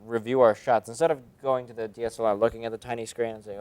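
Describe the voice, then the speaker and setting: A man's voice: medium pitch, fairly even intonation, fast, darkish tone, clean tone, dry recording. A young man chatting casually about making a short film, rambling and laughing at himself. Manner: rambling, laughing, self-mocking. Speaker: actor in a student short. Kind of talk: casual behind-the-scenes chat.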